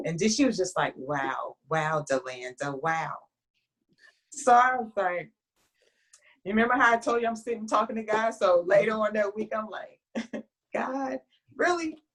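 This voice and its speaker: A woman author in an interview, telling her story in a chatty, lively way with frequent restarts. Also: a little high, brisk.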